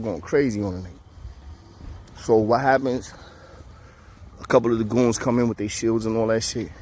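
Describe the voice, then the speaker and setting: With a mid-range voice, a fairly quick pace, and long pauses, a man narrates a jail story to camera. He's animated, acting out quoted voices in casual, profane street slang. A little hiss or hum sits under the recording.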